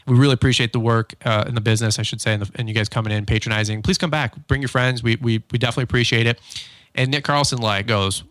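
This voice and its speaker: A man's voice: mid-range voice, fast, dry recording. Dry-sounding man telling stories casually. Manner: animated storytelling, acts out quotes; frequent fillers and restarts. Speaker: podcast host. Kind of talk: casual monologue.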